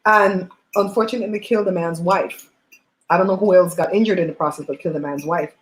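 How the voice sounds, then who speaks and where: A woman hosting a livestream, chatting and telling stories in an animated way while eating at home on a laptop mic. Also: on the low side, moderate pace, pauses often, echoey room, slight background noise, rough recording. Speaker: host.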